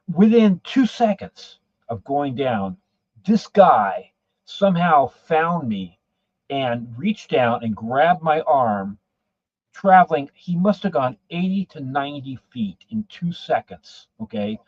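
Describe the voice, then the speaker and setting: A man's voice: fairly high pitch, very animated, slow pace, darkish tone, dry recording. A man and podcast guest telling a story in a casual, rambling way, often repeating his words. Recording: dull lo-fi sound, dry.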